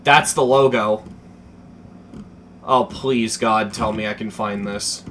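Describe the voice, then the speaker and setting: A young man chatting casually as a streamer, telling a story with lots of swearing, dropping to mumbles and then getting excited. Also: on the low side, takes it slowly, slight background noise. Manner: animated, profane, swings between mumbling and excited.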